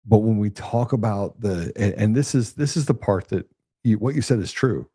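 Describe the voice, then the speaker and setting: A man with a low, warm voice hosts a podcast and talks in loose, conversational stories. He is blunt and swears casually, and he slips into other people's voices when he quotes them. The sound is dry and close to the mic. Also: normal speed, husky, dry recording. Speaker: podcast host.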